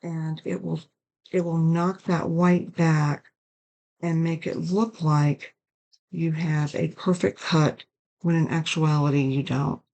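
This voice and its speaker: Low-voiced woman demonstrating card crafting. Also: steady tone, slow, darkish tone, lo-fi sound. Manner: chatty, apologetic about coughing. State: coughing and sneezing. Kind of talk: casual craft tutorial.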